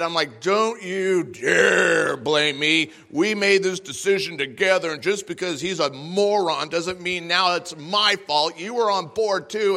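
A man from Texas giving a humorous sermon as guest speaker, acting out quotes with sudden loud bursts. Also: fairly high pitch.

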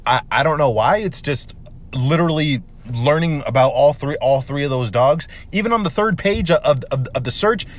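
A young man hosting a casual solo podcast, rambling excitedly with lots of swearing and restarts. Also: on the high side, moderate pace. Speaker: podcast host.

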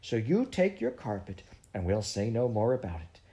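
A man reading aloud and voicing a sour, bad-tempered grown woman in a storybook, with a high, scolding put-on voice. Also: huge pitch swings, normal speed, warm tone. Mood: gushing kind. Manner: shrill, scolding, then gushing. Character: bad-tempered middle-aged woman turned kindly.

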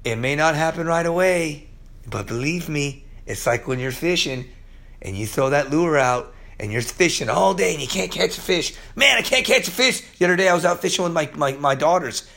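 Impassioned high-voiced male preacher. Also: expressive, moderate pace, gravelly. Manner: impassioned, swings from soft to yelling; laughs often mid-sentence. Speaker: pastor. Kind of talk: sermon.

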